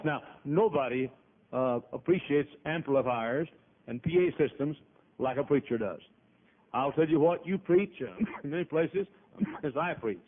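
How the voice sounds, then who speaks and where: A man's voice: on the high side, measured pace. A male pastor preaching a sermon in a church auditorium, folksy and emphatic, with frequent coughs. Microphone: PA microphone. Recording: tinny phone-like lo-fi audio.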